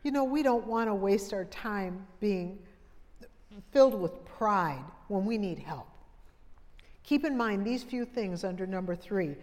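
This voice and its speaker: A woman's voice: mid-range voice, animated, a little slow, a little mellow. Middle-aged woman, conference speaker, folksy and humorous, talks straight to the crowd, long hall reverb. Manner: folksy, humorous, direct to the audience. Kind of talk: conversational women's conference talk. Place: large hall with an audience.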